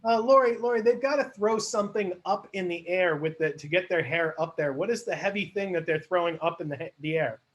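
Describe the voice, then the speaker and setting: High-voiced chatty male improv host. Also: brisk, few pauses, dull audio. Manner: chatty, laughing, asks the audience for suggestions. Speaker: improv show host and narrator. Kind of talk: live online improv narration.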